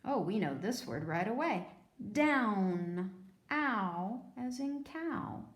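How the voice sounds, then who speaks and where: A woman teacher giving a phonics lesson to young children, sounding out words slowly and patiently. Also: a little high, big pitch swings, reverberant.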